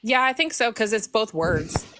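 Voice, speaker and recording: A woman co-hosting, with quick agreeing replies. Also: on the high side, animated, a crowd in the background. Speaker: co-host. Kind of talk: casual fan chat.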